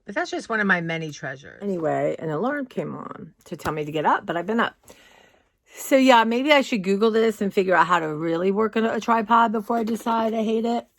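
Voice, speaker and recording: A woman's voice: medium pitch, expressive, brisk, dry recording. A woman vlogging casually from her home, chatty and rambling, often saying "y'all". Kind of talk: casual chat. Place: home, indoors.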